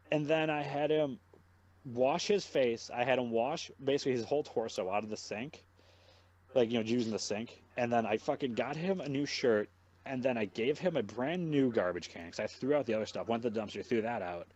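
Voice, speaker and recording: A man's voice: mid-range voice, moderate pace, dull audio. A young man hosting a podcast, telling a long story in casual chat, swearing constantly and rambling as he goes. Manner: swears a lot, rambling and animated. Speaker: podcast host.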